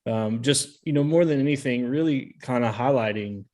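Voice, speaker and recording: A man's voice: medium pitch, normal speed, a little mellow. A man co-hosting a podcast, chatting casually and explaining research with frequent fillers. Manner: chatty, laughs often, explains with many fillers. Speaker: podcast co-host.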